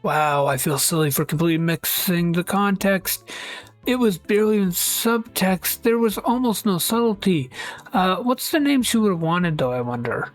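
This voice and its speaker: A woman giving casual commentary on fan posts with wry, deadpan asides and quick switches into character voices. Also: on the low side. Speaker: video essayist reading fan posts. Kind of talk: casual scripted commentary with skits. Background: faint background music.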